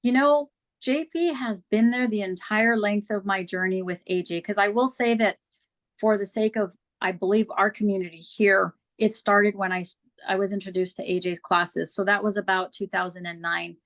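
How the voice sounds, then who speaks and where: A woman in the guest's chair with a voice of ordinary middle pitch. She tells her story candidly and earnestly, slipping into the voices of past conversations as she goes. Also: steady tone, normal speed, fairly bright tone. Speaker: interview guest. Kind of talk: casual personal storytelling.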